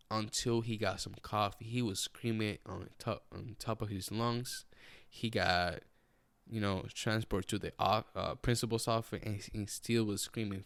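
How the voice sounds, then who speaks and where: A man's voice: lowish voice, smooth, dry recording. A young man telling stories on his podcast, casual, profane and rambling, with frequent restarts. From Puerto Rico. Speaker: podcast host. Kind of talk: casual storytelling.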